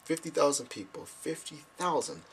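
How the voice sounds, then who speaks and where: A young vlogger with a slightly high voice casually tells stories to friends back home at a moderate pace. He's animated, acting out his own quoted reactions as he goes, and there's slight background noise.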